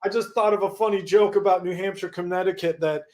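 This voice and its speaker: A man's voice: high voice, steady tone, quick pace, crowd noise, natural voice. A man playing a fumbling, nervous young clerk. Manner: fumbling, hesitant, many ums. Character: nervous young shop clerk on his first day. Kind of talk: improvised comedy scene.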